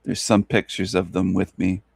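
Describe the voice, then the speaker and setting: A man's voice: low voice, flat delivery, normal speed, gravelly, breathy edge. A man hosting a show, talking in a rambling, repetitive, mocking monologue. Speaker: show host.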